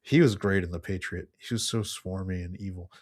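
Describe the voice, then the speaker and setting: A man co-hosting a casual chat show, reading memes aloud one after another. His voice sits low and stays fairly flat, and he laughs often between jokes. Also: brisk. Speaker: podcast co-host reading memes.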